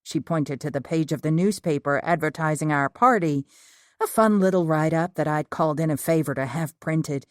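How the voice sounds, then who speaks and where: A woman narrating an audiobook in the first person, with an even storytelling manner. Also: deep voice, normal speed, no echo, clean studio sound.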